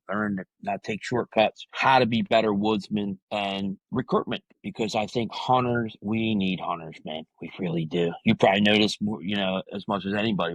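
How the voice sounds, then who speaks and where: A heartfelt man speaks as a podcast guest. His voice sits at an ordinary middle pitch and is recorded dry and close, with no room sound. He talks earnestly, restarts often and keeps saying "man". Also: no room sound, poor audio. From New Jersey. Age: 50s. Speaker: podcast guest, retired correctional officer. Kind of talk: candid personal interview talk.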